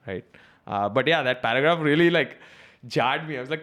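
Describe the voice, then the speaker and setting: Man with a South Mumbai accent. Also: medium pitch. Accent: South Mumbai English. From India. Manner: animated, quick to laugh, conversational. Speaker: podcast co-host. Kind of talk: casual podcast discussion.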